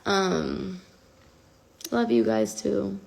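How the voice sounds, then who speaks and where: A woman's voice: medium pitch, very animated, drawn-out words, gravelly, darkish tone. A woman in her twenties chatting candidly and confessionally to fans on a phone livestream from home, rambling and self-conscious.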